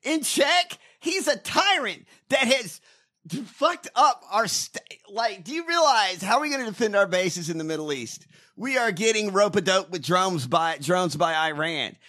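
High-voiced man on a profane rant. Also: lively intonation, normal speed. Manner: profane, fired-up ranting, shouts now and then. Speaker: podcast co-host. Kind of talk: casual ranting chat.

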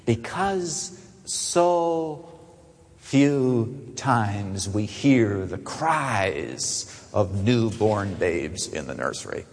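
Animated preacher in a big echoing hall. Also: male voice, very slow, husky. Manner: animated preaching, swinging from soaring emphasis to hushed low asides. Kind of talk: sermon. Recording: long echo of a large hall.

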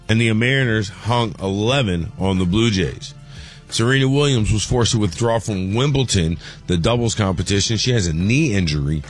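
Man reading a sports news rundown. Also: lowish voice. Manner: brisk, newsy delivery. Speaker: sports update reader.

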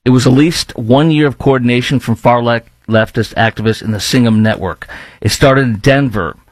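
A man's voice: mid-range voice, normal speed, dry recording. A man hosting a political talk radio show, speaking emphatically, repeating himself and firing rhetorical questions.

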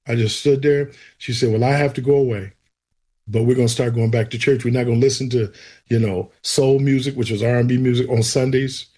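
Husky-voiced man telling a story. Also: medium pitch, fairly quick. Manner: animated storyteller, acts out quoted voices. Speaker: guest sharing testimony. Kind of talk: storytelling testimony.

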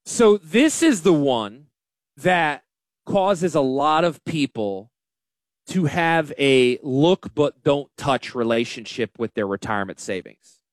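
A man hosting a financial radio show, talking in a folksy, self-deprecating, animated way. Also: a little high, no echo, clean studio sound. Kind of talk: casual radio talk.

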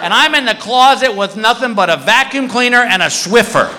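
A man's voice: a little fast, background noise. A man doing stand-up comedy, telling a story and acting out the other people's voices. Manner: animated, acts out voices in high pitch. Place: comedy club stage. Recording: live club recording with crowd and reverb. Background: audience laughter.

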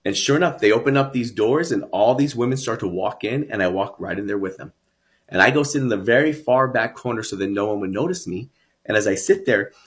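A man's voice: mid-range voice, fairly bright tone. A man, a guest in an interview, telling his own story earnestly and reflectively, often repeating words as he builds up. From San Antonio, Texas.

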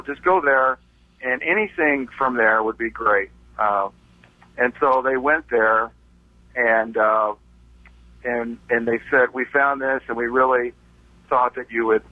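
A man calling in to a radio show, talking in a halting, stammering, good-humored way. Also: medium pitch, fairly even intonation, no room sound. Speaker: caller. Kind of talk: call-in radio chat. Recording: dull, lo-fi phone line.

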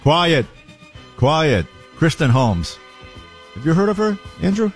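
A man's voice: on the high side, very animated, moderate pace, darkish tone, faint music behind. A man hosting a morning talk radio show, sarcastic and jokey, often mimicking the people he talks about.

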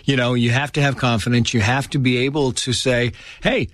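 A man's voice: mid-range voice, flat delivery, a little fast, no room sound, studio quality. A middle-aged man telling stories in a casual conversation, acting out the voices of the people he quotes.

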